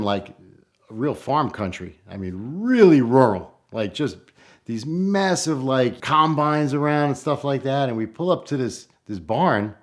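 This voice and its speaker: A middle-aged man from New York telling a road story in a casual, animated way, acting out the people he quotes. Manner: animated, acts out quoted voices with rising pitch. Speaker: storyteller guest.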